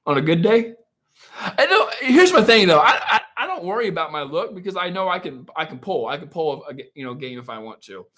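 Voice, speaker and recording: A man with a somewhat high voice chats on a live stream. His pitch swings up and down a lot as he jokes about himself, rambles from one viewer question to the next, and laughs often. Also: sing-song, a little fast, bright, forceful tone. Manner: joking, self-mocking, laughs often; rambling, answers chat questions. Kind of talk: casual live-stream chat.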